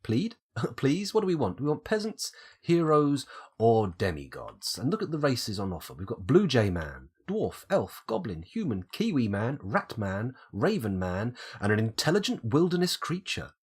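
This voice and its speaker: A British man streams live gameplay, thinking aloud and weighing every option at a normal speed. He has a cold and coughs, leaving his voice husky and breathy, while his pitch rises and falls in a lively way.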